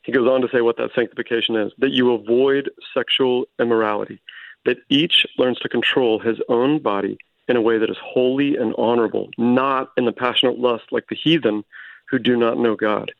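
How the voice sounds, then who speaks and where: Earnest male guest, animated storyteller, mid-pitched, heard over a thin phone line. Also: a little fast, gravelly, no room sound. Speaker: guest author. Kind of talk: casual Christian talk show conversation. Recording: tinny phone-line sound.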